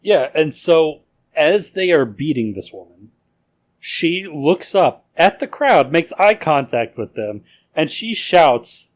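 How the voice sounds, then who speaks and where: A man's voice: on the high side, sing-song, slow. A man co-hosting a casual podcast, telling a history story in a rambling way with lots of filler words and swearing. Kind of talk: casual drinking-game podcast chat.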